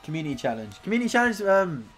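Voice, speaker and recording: A young man, streaming games on a desk mic, bursting into shouted reactions and then muttering low asides. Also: big pitch swings, racing, music in the background. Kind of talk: excited shiny-hunt reactions.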